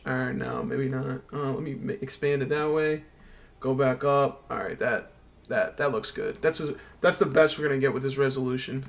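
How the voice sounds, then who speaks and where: A man's voice: mid-range voice, moderate pace, creaky. A young man streaming a game from his computer, ranting in a casual, profane, slang-heavy way. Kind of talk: casual gaming stream rant.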